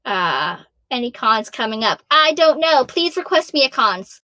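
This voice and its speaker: A woman in her thirties with a high, very bright voice that is wearing thin from hours of talking. She answers fan questions in a bubbly, self-deprecating, animated way. The recording is dry, with almost no room sound. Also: unhurried, dry recording. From Massachusetts. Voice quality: high-pitched. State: losing her voice. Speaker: voice actor guest. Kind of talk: casual Q&A answers.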